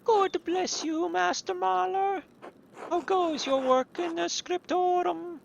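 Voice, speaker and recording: A man voicing a kindly nun who gathers herbs, in a high, slow, sing-song voice during a game playthrough. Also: steady tone, gravelly, dull audio, a little hiss or hum, exaggerated voice.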